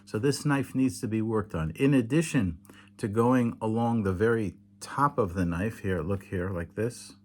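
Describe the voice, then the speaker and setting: A tired man explains a hands-on demonstration late at night, patient and halting, with many fillers and self-corrections. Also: on the low side, slight background noise. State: tired, yawning. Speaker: teacher demonstrating kosher slaughter. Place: home indoors in Israel, at night.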